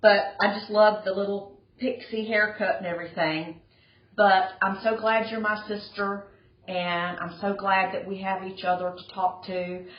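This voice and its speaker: Woman, chatty and rambling, unhurried; roomy, muffled home recording. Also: medium pitch, flat delivery. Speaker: sister giving a birthday greeting. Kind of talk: casual video greeting.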